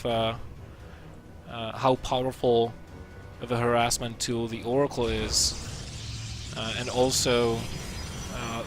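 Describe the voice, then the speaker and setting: A man casting a strategy game match, chatty and self-deprecating, with lots of filler words. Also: mid-range voice. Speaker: esports caster. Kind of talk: play-by-play game commentary.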